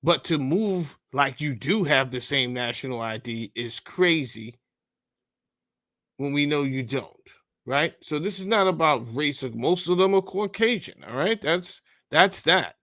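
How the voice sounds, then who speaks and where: A man's voice: a little high, animated, unhurried, a bit bright. Man, podcast host, heated commentary, blunt, profane, calls listeners bro. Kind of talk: casual commentary reading a bill aloud.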